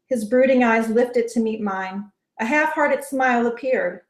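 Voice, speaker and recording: A woman author reading her first-person novel aloud in soft, measured narration. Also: on the high side. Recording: roomy echo.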